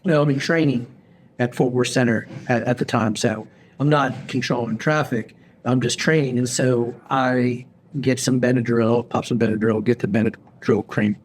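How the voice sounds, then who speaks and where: Animated man telling a story. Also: mid-range voice, normal speed. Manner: animated storyteller, acts out his own quoted lines. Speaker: podcast host. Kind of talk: casual storytelling chat. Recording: faint background noise.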